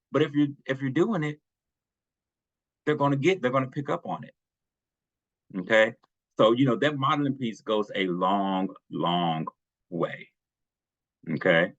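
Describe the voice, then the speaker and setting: A man's voice: fairly low pitch, expressive, moderate pace, long pauses, fairly bright tone, dry recording. A man from family services presenting to parents at a workshop, who often checks in with "okay?". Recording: dry, dull lo-fi audio.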